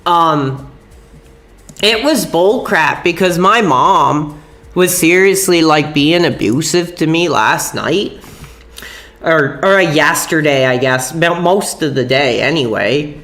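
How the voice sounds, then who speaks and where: A man's voice: on the high side, lively intonation, takes it slowly, fairly bright tone. A young man live-streaming from home, rambling casually and agitatedly, with frequent "dude" and minced swears. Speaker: livestreamer. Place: at home, upstairs room.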